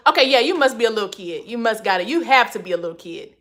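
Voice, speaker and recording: A woman's voice: a little high, expressive, fast. A woman hosting a casual livestream from her phone, reading comments and answering in a sassy manner, calling everyone honey. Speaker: livestream host.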